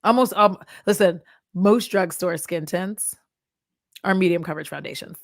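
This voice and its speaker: A woman in her thirties, once a beauty content creator and now a chat vlogger, does her makeup while chatting casually on camera. She talks bluntly, swears freely and laughs a lot, her fairly low voice moving at a moderate pace. The recording is dry and studio-clean.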